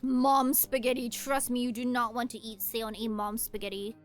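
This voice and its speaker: A young woman streaming a game from home, telling rambling stories in a casual, animated way. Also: fairly high pitch, normal speed, faint music behind. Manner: animated rambling storytelling with frequent laughs. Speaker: VTuber streamer. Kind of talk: casual chat while playing a game.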